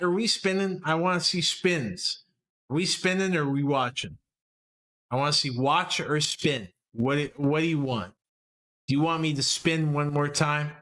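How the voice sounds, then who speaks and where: A man's voice: on the high side, bright, forceful tone. A man streaming live, chatting crudely and casually with his chat in slang.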